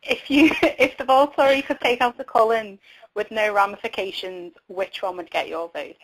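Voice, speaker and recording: A woman's voice: on the high side, fairly even intonation, moderate pace, rough recording. A woman with a Scouse accent co-hosting a casual interview, giggly and teasing.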